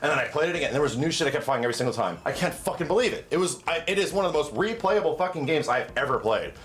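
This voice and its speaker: Animated, profane man telling stories. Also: a little high, rapid-fire, a little hiss or hum. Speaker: streamer host. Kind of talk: casual stream chat.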